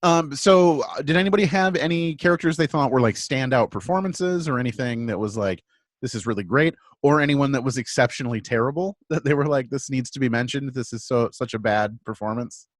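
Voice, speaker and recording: A man's voice: medium pitch, fairly quick, no room sound. A man hosts a casual podcast, laughing a lot and tossing in dry quips between questions. The sound is close and dry, with no room around him. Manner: dry jokes, laughs often. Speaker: podcast host. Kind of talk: casual chat.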